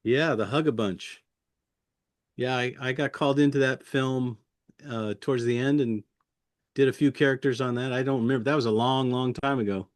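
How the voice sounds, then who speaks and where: A man's voice: medium pitch, steady tone, dry recording. Dry-sounding man, chuckling puppeteer. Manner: friendly, chuckling, halting with fillers. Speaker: guest puppeteer. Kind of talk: interview reminiscing.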